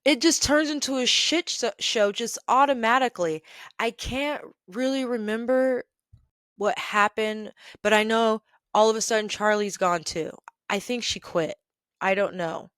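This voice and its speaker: A woman hosting a podcast, telling a workplace story in an animated, exasperated way and laughing now and then. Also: a little high, a little slow, clear, resonant tone, no room sound, clean studio sound. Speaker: podcast host. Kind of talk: storytelling rant.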